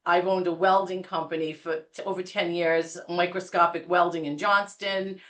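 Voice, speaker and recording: A woman in her fifties with a New England accent, a guest telling stories on a podcast in a lively, laughing way. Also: on the low side, moderate pace. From Rhode Island, USA. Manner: animated, laughing storyteller. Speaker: guest realtor. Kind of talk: casual podcast storytelling.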